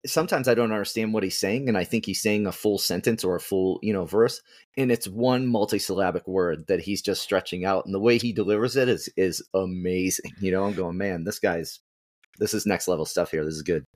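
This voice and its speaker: Deep-voiced man rambling casually. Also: fairly quick, no room sound, clean studio sound. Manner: relaxed, rambling, many fillers. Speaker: podcast co-host. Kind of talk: casual music review chat.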